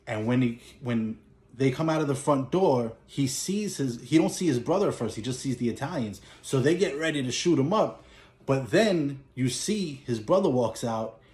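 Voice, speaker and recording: A man casually retelling a film's plot as a collector and reviewer, animated and breaking into character lines. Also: mid-range voice, moderate pace. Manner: animated storytelling, acts out lines in a raised voice. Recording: roomy echo.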